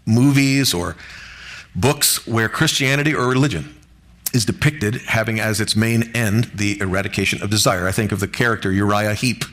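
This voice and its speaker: A man preaching a sermon to his congregation in an earnest, measured way, lifting his voice on key words. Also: mid-range voice, a bit bright. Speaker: pastor.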